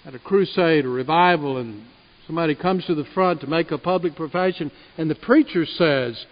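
A man preaches a sermon in a church sanctuary, his fairly high voice pressing earnestly and swelling on key points. The sound is muffled and carries a long hall reverb. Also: brisk. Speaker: pastor.

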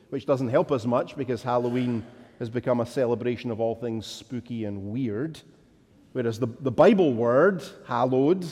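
A male pastor delivers a sermon in an unhurried, measured cadence, his voice sitting a little higher than most men's. He builds steadily to forceful, emphatic declarations. The sound carries the long reverb of a large church hall. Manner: deliberate, rising to emphatic declarations.

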